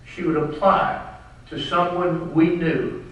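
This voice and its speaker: A man's voice: on the high side, slow. Echoey man telling family stories. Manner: wry, animated, drops into dry asides. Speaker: author at a book launch. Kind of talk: humorous storytelling to a live audience. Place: large event hall with audience. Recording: echoey hall, distant mic, faint noise.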